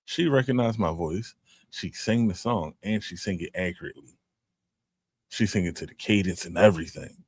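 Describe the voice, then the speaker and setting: A man's voice: low-pitched, normal speed, husky. A middle-aged man co-hosting a podcast, talking in a laid-back, rambling way with lots of restarts. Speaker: podcast co-host. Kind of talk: casual chat.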